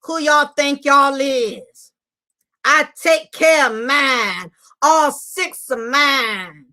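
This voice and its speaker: A woman voicing a loud, furious single mother who shouts, curses and repeats herself while ranting defensively. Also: high-pitched, very slow, heavily acted. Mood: indignant. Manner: shouting, cursing, repetitive ranting. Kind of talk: comedic rant impression.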